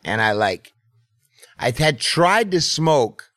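A man's voice: fairly high pitch, very animated, takes it slowly, bright, forceful tone, dry recording, clean studio sound. A middle-aged man telling a story in casual podcast chat, laid-back and profane. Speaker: podcast host.

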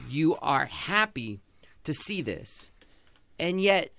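A man's voice: on the high side, big pitch swings, extremely slow, vocal fry, sharp tone, no echo. A man hosting a podcast, giving passionate, sarcastic sports commentary. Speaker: podcast host.

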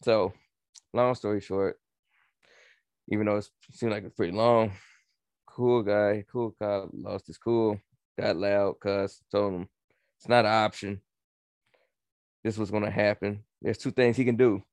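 A man's voice: lowish voice, steady tone, a little slow, pauses often, a little mellow, no echo. A man, a police officer, co-hosting a podcast in casual chat, talking in short, punchy remarks.

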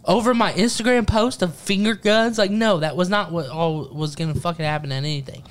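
A man's voice: high-pitched, brisk, slight background noise. A young man hosting a casual podcast, telling a story with lots of swearing and acted-out quotes. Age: young adult. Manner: profane, animated storyteller acting out quotes.

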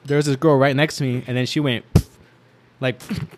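A young man with a voice at a middling pitch tells a long story in a loose, casual way. He piles up fillers and restarts and breaks into laughter as he goes. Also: level tone, fast talker, background noise. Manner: rambling, filler-heavy, laughs while telling.

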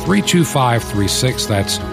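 A man's voice: medium pitch, big pitch swings, takes it slowly, gravelly. A male radio host making an earnest appeal to listeners, repeating contact details carefully. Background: music bed underneath.

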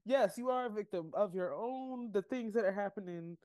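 A woman's voice: medium pitch, normal speed. A young adult woman co-hosting a podcast, recapping a show in casual chat and acting out quotes with laughter. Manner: animated, acts out quotes with laughter. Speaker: podcast co-host.

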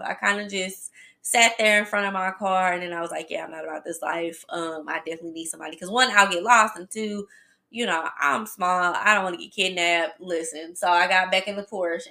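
Chatty woman with a gravelly bright voice. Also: fairly low pitch. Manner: chatty, animated storytelling addressing listeners as y'all. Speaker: podcast host. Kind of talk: casual storytelling.

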